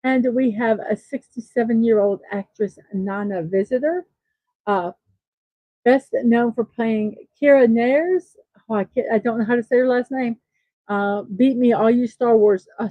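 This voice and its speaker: A woman's voice: on the high side, no room sound, narrow, tinny audio. A woman hosting a daily morning show, chatting casually and reading off birthday lists with self-deprecating asides. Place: East Coast of the United States.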